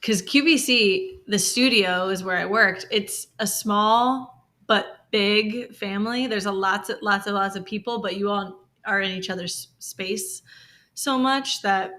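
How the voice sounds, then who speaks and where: A woman's voice: medium pitch, a little slow, pushed and bright. A woman co-hosting a podcast, talking openly and emotionally in a frank conversational way, with lots of "like". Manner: emotional, open, heavy use of "like"; frank, occasionally swears. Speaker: podcast co-host. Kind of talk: candid conversational podcast talk.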